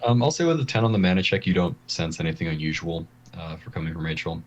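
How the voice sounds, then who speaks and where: A man narrating a tabletop game as game master, relaxed and a little hesitant. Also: deep voice, quick pace, dull audio.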